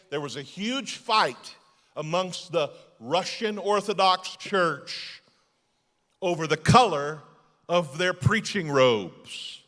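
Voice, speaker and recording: A male lead pastor preaching a sermon emphatically, moving between loud declarations and hushed passages. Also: on the high side, in a large hall. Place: church sanctuary.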